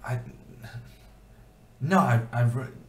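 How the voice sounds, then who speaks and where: A man's voice: mid-range voice, takes it slowly, darkish tone. A man streaming chess, thinking aloud in a casual, self-deprecating way with many fillers. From Norway. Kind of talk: casual live-stream commentary. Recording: echoey room.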